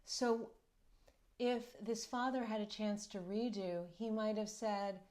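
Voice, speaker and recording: Slow, thoughtful woman parenting coach. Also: mid-range voice, steady tone, darkish tone. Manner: earnest, reflective, explains with stories. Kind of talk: talking-head advice video.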